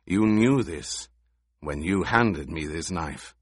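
A man voicing a stern older male desert tribal leader in an audiobook, speaking in a gruff growl. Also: low voice, lively intonation, slow pace, no echo, full character voice. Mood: grave.

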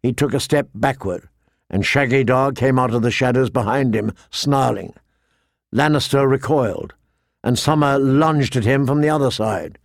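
A man narrating a fantasy novel in a measured, steady storytelling voice. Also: medium pitch, vocal fry, dry recording, studio quality. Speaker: audiobook narrator.

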